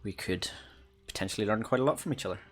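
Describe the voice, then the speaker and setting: Northern Irish man doing a soft-spoken vampire lord. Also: expressive, noisy background, natural voice. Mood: intrigued. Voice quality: low, quiet and unnerving. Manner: measured and condescending. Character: ancient male vampire lord, cold, smug and menacing.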